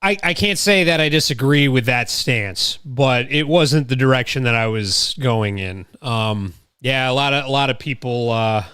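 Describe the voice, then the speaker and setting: A Connecticut man hosting his own live stream, wandering from thought to thought as he reacts to clips. His voice is smooth and resonant, close on a mic with a dead-dry sound. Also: medium pitch, moderate pace, few pauses, bright, forceful tone, no echo. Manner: rambling, thinking aloud. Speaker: streamer host. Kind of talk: casual live-stream commentary. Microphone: close studio mic through mixer.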